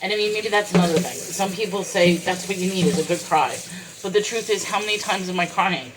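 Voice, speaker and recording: A woman's voice: lowish voice, brisk, background noise. A woman venting in a personal vlog, holding back tears as she talks about her struggles, recorded in her kitchen while washing dishes. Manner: tearful, fighting back crying. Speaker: vlogger. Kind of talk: emotional personal vlog rant.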